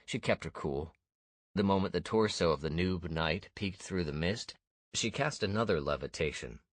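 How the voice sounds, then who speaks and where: A man narrating a first-person fantasy audiobook in a steady, measured way. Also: sits low, no echo.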